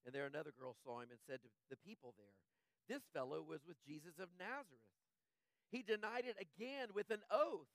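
High-voiced preaching man. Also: a bit bright, dry recording. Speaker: pastor. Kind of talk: sermon.

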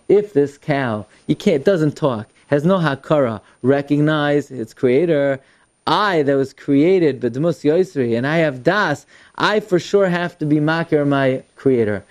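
A man telling a Torah story in a lesson. He reads lines of Hebrew text, translates them into English and sprinkles Yiddish words into his retelling. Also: a little slow. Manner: animated, climbs in pitch and volume as the story builds. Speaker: Torah teacher.

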